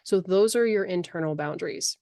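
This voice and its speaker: A middle-aged woman, a life coach, speaking as a podcast guest in a passionate, animated way on a close microphone. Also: fairly low pitch, fairly quick, no echo. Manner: passionate, animated, acts out voices. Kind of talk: podcast interview.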